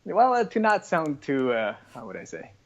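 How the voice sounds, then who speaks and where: A man's voice: fairly high pitch, wildly swooping pitch. Man with a North American accent, lo-fi. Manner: halting, thinking aloud with many restarts. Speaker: interview guest. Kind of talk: casual conversation.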